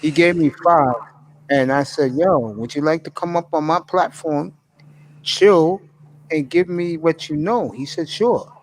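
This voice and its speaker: A man's voice: on the high side, unhurried, slight background noise, rough recording. A man hosting a live stream in casual chat, effusive and openly emotional as he thanks his friends.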